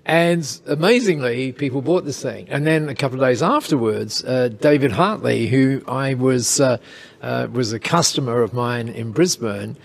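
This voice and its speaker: A man telling a casual anecdote in an interview, lively, with chuckles and quick asides. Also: medium pitch, vocal fry. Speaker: interview guest, storyteller.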